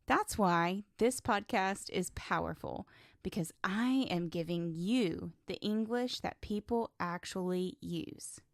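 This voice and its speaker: A woman hosting an English lesson podcast, giving scripted narration with deliberate emphasis. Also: fairly low pitch, vocal fry, dry recording, studio quality. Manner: deliberate, emphatic teaching delivery. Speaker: English teacher, podcast host.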